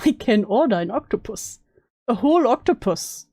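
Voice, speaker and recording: A woman streamer chatting casually and bluntly while reacting to videos, sarcastic and quick to swear. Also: fairly high pitch, big pitch swings, mellow, dry recording, clean studio sound. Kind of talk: casual live-stream chat.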